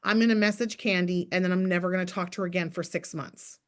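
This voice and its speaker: Coaching her sales team, a talkative woman in her thirties keeps things lively and quick, her voice sitting lowish. Every so often she brightens up to act out example messages.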